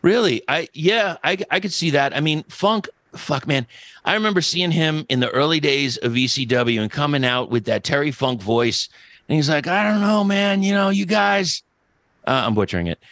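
A man's voice: medium pitch, normal speed, fairly bright tone, no room sound. Rambling, profane middle-aged man. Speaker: podcast host. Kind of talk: casual podcast chat.

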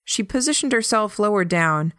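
A woman reading a novel aloud as a first-person audiobook narrator, calm and even. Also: mid-range voice, moderate pace, no echo, clean studio sound.

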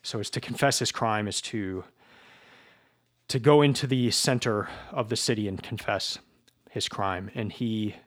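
Hesitant male teacher discussing a novel. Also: on the low side. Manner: hesitant, repeats words, slow reflective. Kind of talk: informal book lecture.

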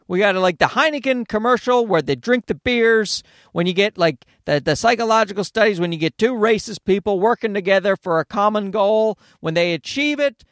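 A man riffing through a casual comedic podcast monologue, swearing freely and wandering off on tangents. His voice sits high and leaps around in pitch. The sound is dry and close, with no room around it. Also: dry recording. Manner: profane, rambling, animated with tangents. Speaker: podcast host.

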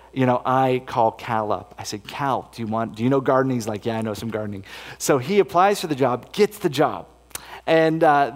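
A man speaking as a missionary at a camp meeting, telling a story in an earnest, folksy way with many fillers and restarts. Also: medium pitch. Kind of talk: storytelling sermon talk. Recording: long hall reverb.

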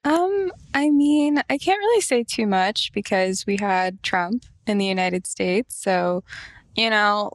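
A young American woman raised in the Midwest talks casually as a podcast guest, filling her sentences with ums and likes. Her voice sits at a medium pitch and is recorded dry, with no room sound. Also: animated, slow, no echo. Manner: chatty, frequent ums and likes, laughs easily. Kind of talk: casual interview chat.

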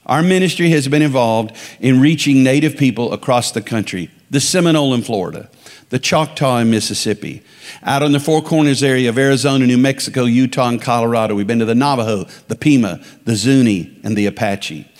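A man's voice: mid-range voice, a little fast. Man preaching in a reverberant hall. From Dakotas, United States. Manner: emphatic, calls for congregation responses. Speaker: guest preacher. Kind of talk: sermon. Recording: long reverb of a large hall.

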